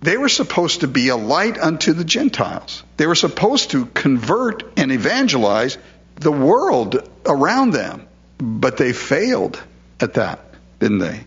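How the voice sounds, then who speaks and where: A man's voice: fairly high pitch, wildly swooping pitch, measured pace, fairly bright tone, dull audio. Man preaching, conversational and questioning. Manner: conversational, asks rhetorical questions. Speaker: pastor. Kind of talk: expository sermon.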